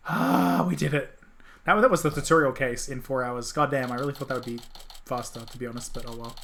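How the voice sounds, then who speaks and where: A man's voice: medium pitch, steady tone, a little fast, vocal fry, a bit bright, slight background noise. A man chatting casually while streaming a story game, often stumbling over his words.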